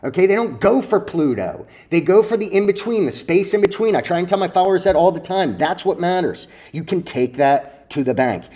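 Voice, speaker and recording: A man's voice: sits high, animated, fairly quick, few pauses, mellow. A man lecturing his viewers about trading in a blunt, profane, preachy way, full of rhetorical questions. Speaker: stock trading vlogger.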